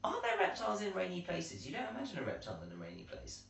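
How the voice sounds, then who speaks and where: Co-host: dry man, lively pitch, recorded from a distance in an echoey room. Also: fast talker, gravelly, slight background noise. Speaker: podcast co-host. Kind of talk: casual chat. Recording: roomy sound, set back from the mic.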